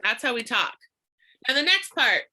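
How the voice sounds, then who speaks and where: A woman's voice: a little high, big pitch swings, normal speed, sharp tone. A woman leading a live online social media training, upbeat and emphatic, laughing often as she talks.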